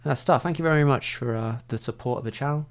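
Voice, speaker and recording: A man's voice: medium pitch, fast talker. A man chatting casually on a livestream, rambling and saying "like" constantly. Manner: rambling, heavy use of "like".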